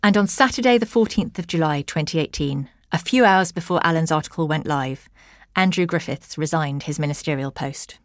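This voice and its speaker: A woman hosting and narrating an investigative podcast in a measured, deliberate scripted delivery. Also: low-pitched, dry recording, clean studio sound. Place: interview in a hotel room.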